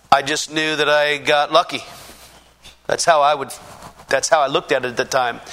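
A man giving a personal testimony in a halting, earnest way, with many restarts and fillers, growing fervent and emphatic. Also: fairly high pitch, bright, forceful tone.

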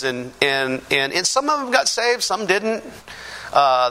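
A middle-aged man from the Pacific Northwest giving a lively personal testimony, poking fun at himself and acting out what people said. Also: fairly high pitch. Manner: lively, self-mocking storyteller who acts out quotes. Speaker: church testimony speaker.

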